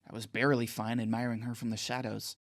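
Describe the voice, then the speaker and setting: Man voicing an anxious, gravelly teen boy. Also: medium pitch, flat delivery, fast talker, dry recording, clean studio sound, close to an everyday voice. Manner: self-deprecating, inward, anxious. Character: anxious, awkward teenage boy, shaken and numb. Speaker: first-person narrator of an audio drama. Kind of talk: audio drama narration.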